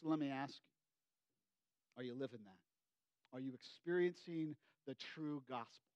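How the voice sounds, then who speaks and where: A man preaching a sermon as pastor, swinging between loud, emphatic bursts and hushed, low asides. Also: measured pace, no room sound, highs cut off.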